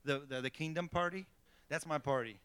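A man's voice: a little high, a little fast, fairly bright tone, smooth, no room sound. A middle-aged man preaching a sermon as pastor, emphatic, checking in with the congregation with repeated "okay?" and "amen.".

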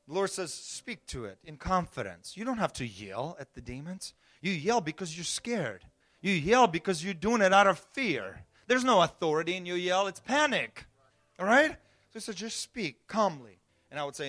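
Male pastor, high bright voice, storytelling sermon that dips to a hush and climbs to shouts. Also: animated, moderate pace. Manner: storytelling, swings from hushed to shouting.

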